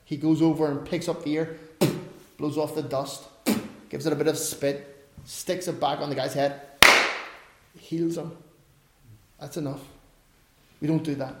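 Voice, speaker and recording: Man, sermon, high-pitched voice, slow deliberate delivery, emphatic repetition, echoey hall. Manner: emphatic, rhetorical repetition, drops to soft low asides. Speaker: preacher.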